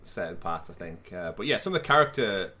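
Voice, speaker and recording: A man's voice: deep voice, a little fast. A man hosting a casual podcast, chatty and theatrical, recorded over a remote call. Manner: animated, theatrical build-ups. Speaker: podcast host. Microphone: remote call mic.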